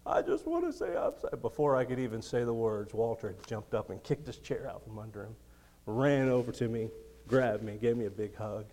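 A man in his thirties preaching a sermon in a storytelling way, laughing often and swinging between quiet, close moments and loud ones. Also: fairly low pitch, fairly even intonation, normal speed. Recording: long hall reverb.

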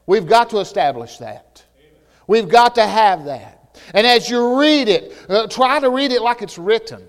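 A male pastor preaching a sermon with passion, sometimes rising to shouts and often restarting his words. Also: high voice, expressive, unhurried. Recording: long hall reverb.

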